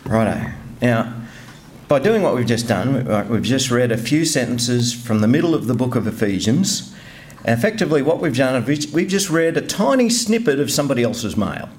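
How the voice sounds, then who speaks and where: A man's voice: medium pitch, big pitch swings, normal speed, a little mellow. A middle-aged man giving an informal, self-deprecating sermon, often restarting his sentences. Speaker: lay preacher.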